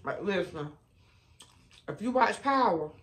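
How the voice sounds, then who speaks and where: Woman mukbang vlogger, casual storyteller, chatty and animated, midrange voice, keeps calling viewers honey and baby. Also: takes it slowly. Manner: animated, with sudden rises in pitch and loudness. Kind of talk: casual storytime while eating.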